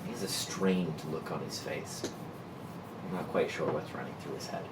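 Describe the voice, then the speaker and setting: A man's voice: a bass voice, steady tone, normal speed, vocal fry, roomy sound, heavy background noise. A man narrating as the game master of a tabletop game, descriptive, with frequent fillers.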